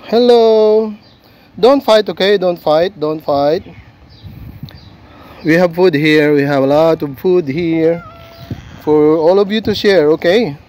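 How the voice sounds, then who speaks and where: A man filming a casual vlog outdoors on a seafront, talking gently and coaxingly to stray cats while narrating on a handheld phone. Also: on the high side, slow, pauses often. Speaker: vlogger feeding stray cats.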